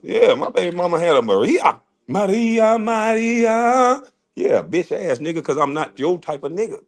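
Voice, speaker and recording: A man's voice: on the high side, expressive, fairly quick, breathy edge. Blunt, cursing man on a rant. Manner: blunt, cursing, laughs often. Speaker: commentator reacting to online critics. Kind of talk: casual profane rant.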